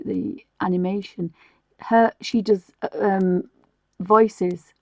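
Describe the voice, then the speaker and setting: A middle-aged woman from England chats loosely as she colours on a live stream, her thoughts wandering and doubling back. Her voice sits at an ordinary pitch, and the recording is dry and close, with no room around it. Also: vocal fry, dry recording. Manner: chatty and rambling, with frequent laughs and restarts. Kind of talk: casual chat while colouring.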